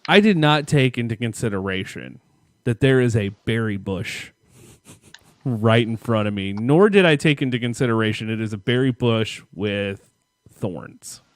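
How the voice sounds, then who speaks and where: A man co-hosting a podcast, telling a story in a casual, animated way and acting out his own thoughts. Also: medium pitch, normal speed, no room sound, clean studio sound. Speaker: podcast co-host.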